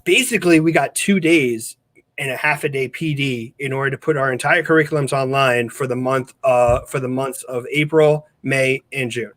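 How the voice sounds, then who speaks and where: A man's voice: mid-range voice, moderate pace, fairly bright tone. Guy teacher on a podcast call, earnest, goes on and on, restarts a lot. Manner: earnest, explains at length with restarts. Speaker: special education teacher, podcast regular. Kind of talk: casual chat.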